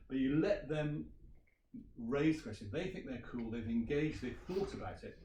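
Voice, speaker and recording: Chatty teacher in a roomy hall. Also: male voice, medium pitch, normal speed, mellow, slight background noise. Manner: chatty, quizzes the audience. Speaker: language teacher giving a workshop. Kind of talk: conference workshop presentation. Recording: roomy sound from a distant mic.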